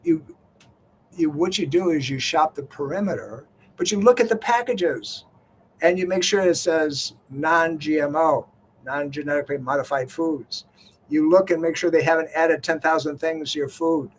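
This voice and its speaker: Older male talk-radio health host, folksy and rambling, slightly high voice, faint hiss behind. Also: moderate pace. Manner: folksy, conversational, many "you know" fillers.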